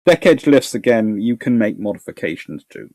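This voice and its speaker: A man's voice: on the low side, sing-song, normal speed, mellow. A male history host answering viewer questions live, thinking aloud with restarts and repeated words. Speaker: naval history channel host.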